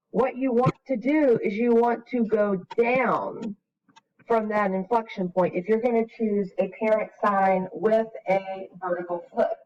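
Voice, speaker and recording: Woman, math teacher, higher voice, patient step-by-step explaining, distant mic, dull lo-fi sound. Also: a little mellow. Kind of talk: recorded screen lesson.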